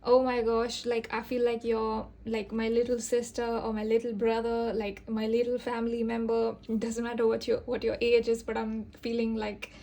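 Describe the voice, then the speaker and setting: A woman giving an intuitive tarot reading, speaking gently and earnestly with a reassuring, soft-spoken manner and frequent fillers. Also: fairly high pitch, completely flat delivery, moderate pace, hardly any pauses. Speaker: tarot reader.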